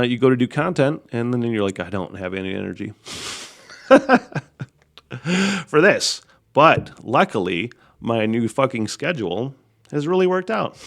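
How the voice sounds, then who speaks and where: A man hosting a solo podcast, telling stories in a rambling, heavily profane way, laughing often and swinging from loud outbursts to quiet mutters. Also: mid-range voice. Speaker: podcast host. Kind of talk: casual solo podcast monologue.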